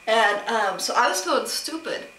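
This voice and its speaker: Bright-voiced woman venting a grievance. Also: a little high, animated, moderate pace, distant mic, a little hiss or hum. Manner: rambling, aggrieved retelling with many quoted exchanges. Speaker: vlogger. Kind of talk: casual personal storytelling vlog. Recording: roomy, off-mic with faint ambience.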